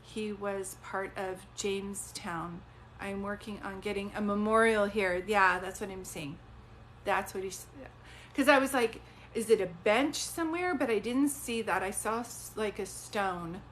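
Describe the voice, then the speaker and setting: A woman doing a live-stream psychic reading, chatty and rambling, offering warm reassurance. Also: mid-range voice, fairly even intonation, unhurried, a little hiss or hum. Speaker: psychic medium.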